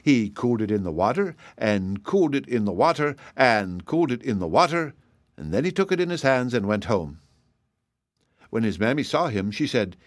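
A man reads a children's story aloud at a measured, expressive pace. His voice sits at a middle pitch. The recording is dry and close. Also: dry recording. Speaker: storybook reader. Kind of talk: scripted storybook narration.

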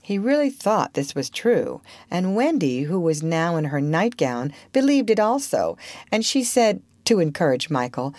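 Expressive woman reading a storybook. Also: fairly low pitch, a little slow, no echo. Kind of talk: reading a classic children's book aloud.

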